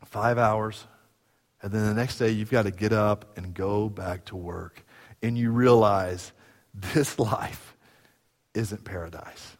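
A man preaching a sermon in a church, telling stories and moving from quiet moments to loud ones. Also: on the high side, big-room sound. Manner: storytelling, animated, swinging from quiet to loud. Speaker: pastor. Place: church sanctuary.

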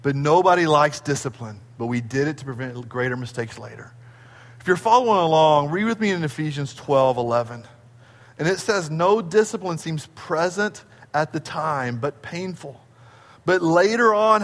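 A middle-aged man preaching a sermon as a pastor, telling stories in an animated way. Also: moderate pace. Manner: animated storytelling, acting out his children in high squeals. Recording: long hall reverb.

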